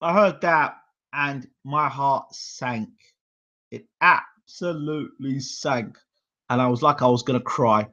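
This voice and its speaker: A man's voice: medium pitch, slow, bright, forceful tone. A man in his forties hosting a boxing channel, telling casual stories and acting out his dad's voice in the quoted lines. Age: 40s. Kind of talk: casual storytelling monologue. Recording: dull lo-fi sound.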